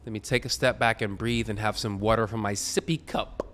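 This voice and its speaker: A man's voice: fairly low pitch, fairly even intonation, a little fast, fairly bright tone, a little hiss or hum. A sleepy man talking casually about tennis to his viewers, rambling and correcting himself as he goes. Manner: rambling, self-correcting, chatty. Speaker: tennis video creator. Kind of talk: casual tennis talk to camera.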